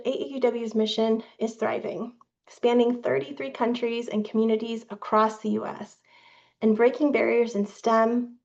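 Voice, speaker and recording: A woman staff presenter reading a prepared update in a formal, measured way, with small slips. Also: fairly high pitch, a little mellow. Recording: dull lo-fi sound.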